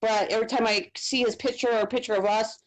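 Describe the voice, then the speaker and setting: A woman in a spirit session, speaking haltingly and tearfully to her late father. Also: fairly high pitch, fairly even intonation, low-quality recording. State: crying. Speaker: sitter. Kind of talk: emotional talk to a late father.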